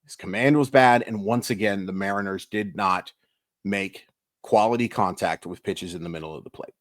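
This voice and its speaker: A man's voice: lowish voice, normal speed, no echo, studio quality. A man hosting a daily baseball recap channel, venting with exasperated emphasis. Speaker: sports YouTuber.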